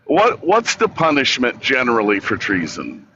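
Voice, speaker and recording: A man debating as a guest, halting and thinking aloud with frequent restarts. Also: mid-range voice, wildly swooping pitch, bright, forceful tone, highs cut off, slight background noise. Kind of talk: casual debate chat.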